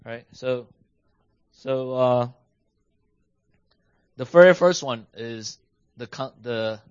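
Male teacher, lively and questioning, dull dry recording. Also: mid-range voice, slow pace, long pauses, clear, resonant tone, no echo. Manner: animated, asks the class questions, switches between English and Mandarin. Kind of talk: bilingual class lesson. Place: home with a basement.

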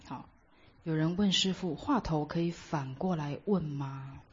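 Woman, very low voice, husky, meditation teacher, measured, dull lo-fi recording. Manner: measured, explains with examples. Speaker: dharma teacher.

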